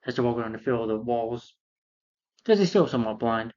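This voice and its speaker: A man's voice: mid-range voice, expressive, a little fast, darkish tone, lo-fi sound. A man retelling a film's plot in a casual, rambling way, full of fillers and restarts. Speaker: film reviewer.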